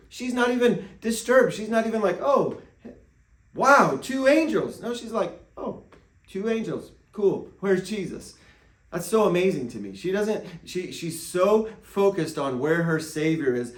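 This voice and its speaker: A man, a pastor, giving a devotional teaching in a lively way, acting out quotes with playful asides. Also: a little high. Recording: echoey room.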